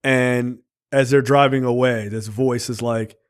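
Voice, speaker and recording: A man co-hosting a podcast, retelling a show's plot in casual, animated chat full of swearing and fillers. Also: mid-range voice, measured pace, smooth. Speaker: podcast co-host.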